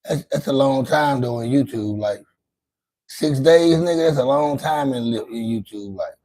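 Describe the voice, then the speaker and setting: A man's voice: mid-range voice, normal speed, mellow, low-quality recording. A man hosting a casual late-night livestream, talking in a loose, rambling and profane way, often repeating and restarting his words. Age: adult with grown children. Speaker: livestream host.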